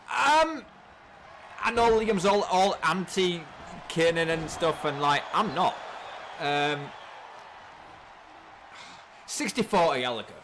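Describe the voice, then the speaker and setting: An English man casually commentating a wrestling game on a live stream, excitable and swearing freely, often repeating his words. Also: a little high, slow pace, long pauses, noisy background. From England.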